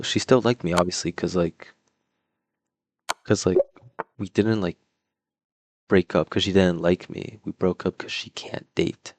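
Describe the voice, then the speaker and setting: A man's voice: sits low, gravelly, no room sound. A young man telling a personal story in a casual, rambling way, full of "like" and "um" fillers. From Toronto, Canada. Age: young adult. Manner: rambling, filler-heavy, lots of "like" and "um"; laid-back, mumbling asides while doing a puzzle. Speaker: vlogger.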